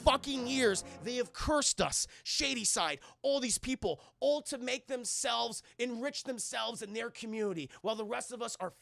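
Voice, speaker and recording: A man's voice: very high voice, normal speed, creaky, few pauses, a bit bright, soft background music, voice pushed up, heavily acted. A man voicing a fierce teenage girl who explains things in an intense, urgent way, swearing as she goes.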